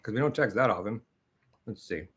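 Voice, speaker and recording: A man chats casually on a live stream, rambling, laughing, and acting out lines. His voice is bright and lively, with pitch that climbs and falls a great deal. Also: a little fast, husky. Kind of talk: casual chat. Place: home in Los Angeles.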